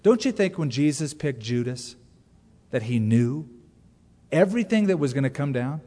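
A middle-aged man preaching a sermon as pastor, talking conversationally with sudden loud asides. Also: mid-range voice, lively intonation, moderate pace. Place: church sanctuary. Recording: long hall reverb from a church.

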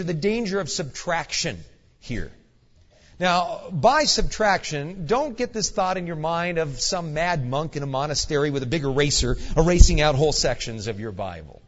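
A male guest pastor preaching a sermon, an animated, earnest storyteller with folksy asides. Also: a little high. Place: church sanctuary. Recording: dull echoey church hall recording.

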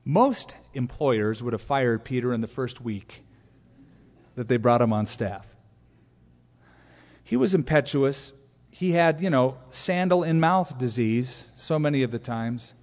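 A man preaching a sermon, animated, acting out quotes with asides to the congregation. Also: mid-range voice, a little slow. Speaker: pastor. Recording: long reverb of a church hall.

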